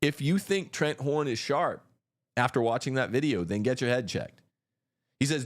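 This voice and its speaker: A man's voice: medium pitch, lively intonation, moderate pace. A man hosting a livestream, arguing in a combative, mocking way. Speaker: host. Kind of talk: livestream commentary.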